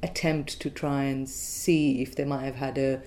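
A woman interviewer with a very low, mellow voice. She asks her questions hesitantly and with curiosity, in a relaxed conversational way. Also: unhurried.

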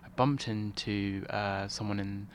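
A man's voice: fairly low pitch, fairly even intonation, unhurried, a little hiss or hum. A man, the playwright, talking modestly and hesitantly in an interview. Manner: hesitant, modest, with many ums. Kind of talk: interview conversation.

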